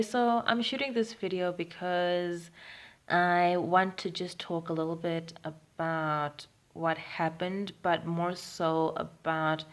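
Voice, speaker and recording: A woman's voice: sits low, a bit bright. A young Zimbabwean woman recording a personal video diary at home, retelling events frankly with frequent ums. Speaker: vlogger. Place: at home in Harare.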